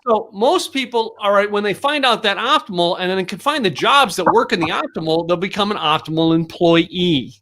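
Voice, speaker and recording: A man co-hosting a casual business podcast, talking in halting bursts with repeated words and restarts. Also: sits high, expressive, sharp tone. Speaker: podcast co-host.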